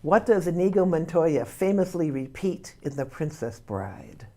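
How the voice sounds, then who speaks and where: A playwright and comedian guesting on a radio talk show quizzes the hosts on movie quotes, exclaiming as she laughs along in the casual chat. Her voice is deep, mellow and animated, and she speaks unhurriedly.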